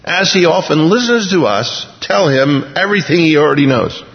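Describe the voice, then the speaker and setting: Animated male preacher in an echoing hall. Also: a little high, normal speed, gravelly. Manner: animated, jokey, voices the characters in scenes. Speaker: pastor. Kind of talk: sermon with acted-out scripture dialogue. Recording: dull sound with long hall reverb.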